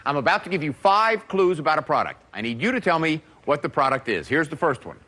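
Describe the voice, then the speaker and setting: A man's voice: a little high, big pitch swings, fast talker, pushed and bright. A man hosting a game show, reading clues and scores in an upbeat, playful way. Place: television studio set. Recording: studio show with music and audience.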